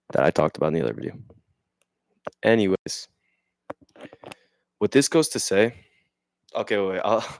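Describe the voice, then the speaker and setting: Young man rambling, deep and dry. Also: gravelly, no room sound. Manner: rambling, slangy, checks in with "right?"; reads passages aloud then riffs on them. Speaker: vlogger. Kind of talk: casual explanatory monologue.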